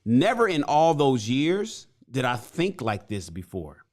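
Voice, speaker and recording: A man's voice: medium pitch, big pitch swings, measured pace, pitched below the performer's own voice. Man doing a fed-up chariot builder ranting. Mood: resentful. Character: frustrated working-class male chariot builder. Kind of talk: comic slang retelling of a parable.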